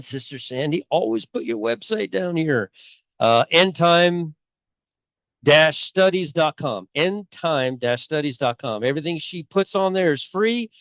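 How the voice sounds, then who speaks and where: A man's voice: on the high side, no room sound, dull audio. A middle-aged man talking casually and rambling, with many fillers and restarts, as a channel host. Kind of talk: casual talk on bible timelines.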